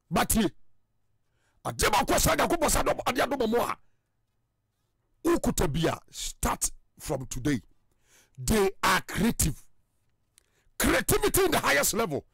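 A man with a Ghanaian accent preaching in an emphatic way that keeps rising to loud bursts. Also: high voice, creaky, breathy edge, dry recording, studio quality. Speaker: evangelist. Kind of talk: preaching in Twi and English.

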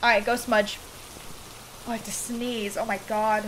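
A woman's voice: on the high side, little pitch movement, moderate pace. A woman streaming a horror game with friends, jumpy and squealing when scared. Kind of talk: casual gaming chat. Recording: noisy stream audio.

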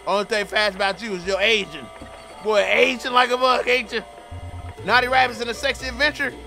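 A young man doing comedic game commentary, loudly roasting the characters in slang. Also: very high voice, steady tone, brisk, gravelly, faint music behind. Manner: loud trash-talking, roasting characters in slang. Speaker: gaming streamer.

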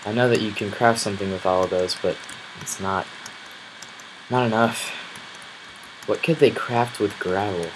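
A man giving casual commentary over his own gameplay, grumbling and bursting into loud exclamations when enemies attack. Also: lowish voice, background noise. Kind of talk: casual let's-play commentary.

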